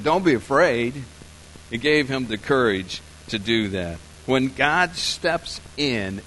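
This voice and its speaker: A man preaching a sermon, telling a story softly and slowly, then building to loud, emphatic points. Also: mid-range voice, a little hiss or hum, poor audio. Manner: storytelling, soft and slow in scenes, rising loud and emphatic for points. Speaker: pastor.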